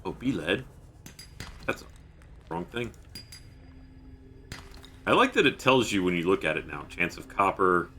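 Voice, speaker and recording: A man with a low, deep voice that still has a bright, forceful edge talks his way through a live game stream. He mutters his plans half to himself and breaks off to answer viewers in an easy, casual way. A faint hiss sits under his voice. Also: lively intonation, measured pace, long pauses. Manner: thinks aloud and mutters while playing; reads out chat messages.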